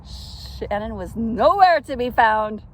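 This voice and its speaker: A middle-aged woman telling a personal faith story, outdoors in a park, earnest and reflective, with soft laughs now and then. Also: on the high side, lively intonation, takes it slowly, a little hiss or hum.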